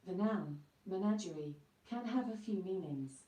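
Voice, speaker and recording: A synthetic female voice assistant reading out a definition in an even, measured way. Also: mid-range voice, distant mic. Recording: echoey smart speaker heard from across the room.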